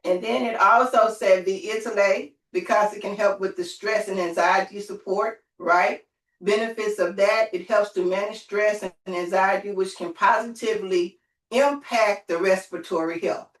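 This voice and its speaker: Woman telling a lively story, far off. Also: medium pitch, moderate pace. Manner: lively storytelling, calls on listeners. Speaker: group host. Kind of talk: motivational group call talk. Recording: roomy, from off the mic.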